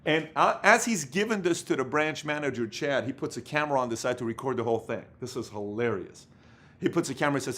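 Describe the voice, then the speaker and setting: A man gives a motivational business talk about company culture at a medium pitch. He tells stories in an animated, rambling way and often stops mid-thought with fillers. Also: fairly quick. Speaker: company leader giving business advice.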